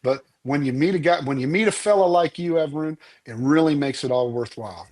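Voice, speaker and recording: A man's voice: on the high side, brisk, a little mellow. A man, a musician guest in a podcast interview, speaking earnestly and telling stories with many restarts. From Oklahoma, US.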